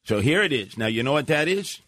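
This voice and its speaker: An older man, co-hosting a talk radio show and telling loud, blustery stories in which he acts out his own shouting. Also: medium pitch, very animated, fairly quick. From Brooklyn, New York. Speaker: radio co-host. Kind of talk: animated storytelling.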